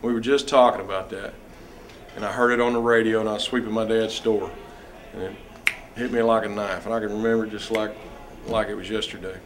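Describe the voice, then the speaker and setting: A man's voice: fairly low pitch, level tone, brisk, background noise. A man from Missouri being interviewed, who recalls a story in vivid detail.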